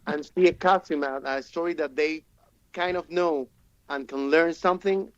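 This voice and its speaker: A man's voice: fairly high pitch, normal speed, dry recording. Hesitant man with English. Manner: hesitant, repeats words while searching for them. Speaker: theater director and playwright. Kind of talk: radio interview guest. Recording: dull, dry studio sound.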